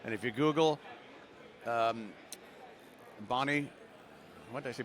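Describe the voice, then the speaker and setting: A man's voice: medium pitch, a little slow, fairly bright tone. An older man from Canada, a voice actor guest, telling long rambling stories full of fillers and restarts in a casual interview outdoors at a convention.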